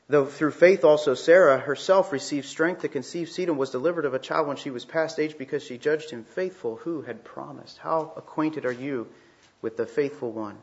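Male preacher, mid-pitched, emphatic, rhetorical, slightly lo-fi recording. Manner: emphatic, with rhetorical questions and repeated phrases. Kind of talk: sermon. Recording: slightly dull, lo-fi sound.

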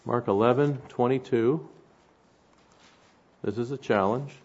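A man's voice: mid-range voice, measured pace, a little mellow, muffled recording. A man preaching an expository sermon in a conversational way, often checking in with his listeners and reading scripture aloud with rising force. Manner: conversational, asks the room "right?".

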